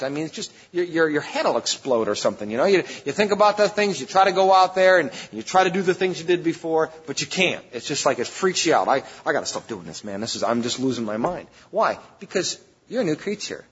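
A man's voice: fairly high pitch, breathy edge. A man preaching a sermon as pastor, speaking emphatically and conversationally, with sudden bursts of force. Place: church sanctuary. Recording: dull lo-fi church recording with long reverb.

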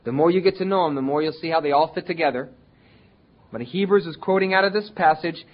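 A pastor preaches in a loose, conversational way. His voice sits a little high, and he now and then acts out whining complaints. The recording is dull and lo-fi, as if taken in a church hall. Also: fast. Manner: conversational preaching with acted-out quotes of whining people. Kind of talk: sermon.

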